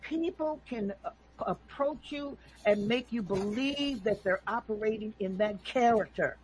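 A woman's voice: on the high side, unhurried, crowd noise, low-quality recording. A woman calling in, talking emphatically and preachily about her views and often asking "okay?". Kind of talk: impassioned opinion talk.

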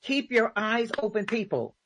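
A woman's voice: fairly high pitch, very animated, moderate pace, fairly bright tone, no echo. Emphatic woman host, dry close sound. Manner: emphatic, repeats points. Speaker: talk show host. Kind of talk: casual faith talk.

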